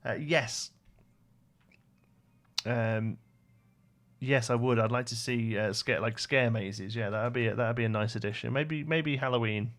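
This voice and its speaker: A young British man talks casually through a game livestream, rambling and muttering as he works and answering viewers' questions. His mid-pitched voice has a gravelly, creaky edge. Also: unhurried, long pauses, fairly bright tone. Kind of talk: casual live-stream chat while building.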